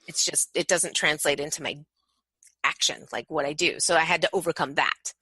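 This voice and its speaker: Woman, parent coach, bright tone, dry close sound, animated storytelling. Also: deep voice, normal speed, breathy edge, no room sound, low-quality recording. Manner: animated, acts out playful parent voices. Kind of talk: podcast interview.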